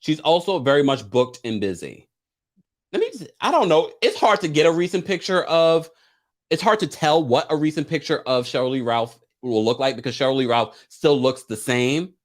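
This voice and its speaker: A man's voice: a little high, lively intonation, moderate pace. A man hosting a live recap stream, chatting casually, reading viewer comments and laughing between remarks. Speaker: live recap show host.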